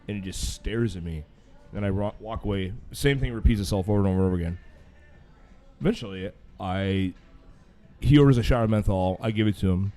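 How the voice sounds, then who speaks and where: A man's voice: lowish voice, brisk. A Midwestern American man, a bartender guest on a podcast, telling anecdotes in casual comedic chat and acting out quotes. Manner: animated anecdote teller, acts out quotes.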